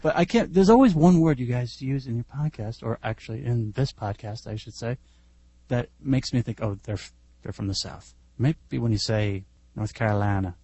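A man with a mellow, slightly husky voice guests on a casual podcast. He tells lively, self-deprecating anecdotes into a close, dry mic. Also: medium pitch, moderate pace, no echo.

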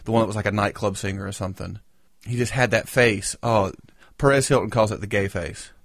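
A man's voice: on the low side, brisk, no echo, studio quality. A man co-hosting a podcast, chatting casually and telling rambling, joking stories. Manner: rambling, joking, animated storytelling. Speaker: podcast co-host. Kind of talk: casual chat.

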